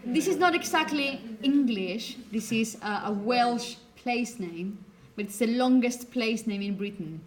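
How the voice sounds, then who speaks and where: A woman's voice: a little high, animated, measured pace, few pauses, slight background noise. A woman whose first language is Spanish, teaching a phonetics lecture to a class and checking in with "okay?" as she explains.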